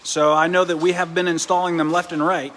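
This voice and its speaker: Man, live demo host, slightly high pitch, chatty explainer, handheld camera, faint background noise. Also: level tone, fairly quick, fairly bright tone. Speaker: host and triathlon coach. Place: beside a swim spa.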